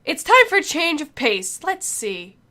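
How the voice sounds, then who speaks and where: High-voiced young woman gaming. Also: a little slow. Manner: animated, swears when frustrated. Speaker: let's play gamer. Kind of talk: casual gaming commentary and reading aloud.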